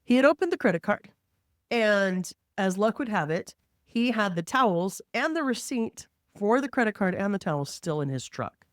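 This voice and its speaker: A woman who works as a mortgage lender, telling a work story in an animated, conversational way and acting out the quotes. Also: mid-range voice, normal speed, no echo, studio quality.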